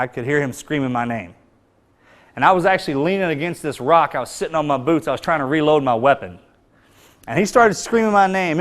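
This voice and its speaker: Man quietly recounting combat. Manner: earnest, plain-spoken, often drops to a low hush. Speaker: combat veteran telling his story. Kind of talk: spoken personal account to an audience.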